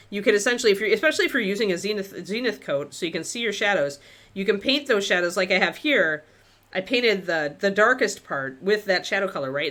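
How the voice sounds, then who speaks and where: A woman leads a live-streamed miniature painting session in a relaxed, chatty way. She thinks aloud while she paints. Her voice is bright and clear, and her pitch rises and falls a lot.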